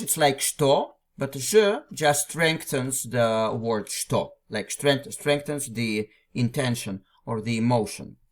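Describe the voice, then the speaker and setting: A male teacher talks through a classic text phrase by phrase at a middling pitch. His delivery is patient and unhurried. He circles back, repeats words and restarts sentences as he explains. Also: fairly bright tone. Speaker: language teacher. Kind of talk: explaining a literary text line by line.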